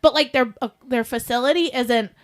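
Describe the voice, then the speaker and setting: Woman, podcast co-host, casual storytelling, high voice, animated, laughs a lot, says "like" often. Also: fairly quick. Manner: animated, laughs often while telling stories; frequent filler "like".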